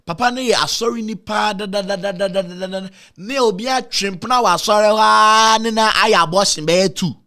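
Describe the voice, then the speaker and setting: A man's voice: fairly quick, hardly any pauses, bright, forceful tone. A man with a Ghanaian accent telling an emotional personal story, repeating himself and mixing in Twi phrases. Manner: emotional, repetitive, with dramatic pitch swings. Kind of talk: emotional storytelling, switching between Twi and English.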